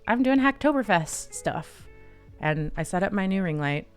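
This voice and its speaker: A woman hosting a casual livestream, chatty and giggly, breaking into high excited squeals. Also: moderate pace, clean tone. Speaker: livestream host. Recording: dry close sound, faint music behind.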